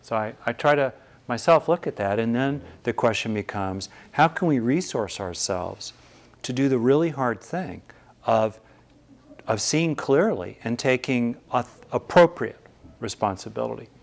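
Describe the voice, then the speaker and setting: A man teaching meditation to a live audience. His delivery is thoughtful and searching, with frequent restarts. His voice sits at an ordinary middle pitch. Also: animated, unhurried, vocal fry.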